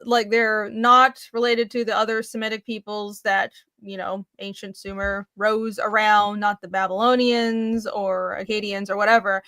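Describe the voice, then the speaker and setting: A woman co-hosting a casual podcast chat, talking in animated bursts with quick asides and laughs. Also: mid-range voice, no echo. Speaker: podcast co-host.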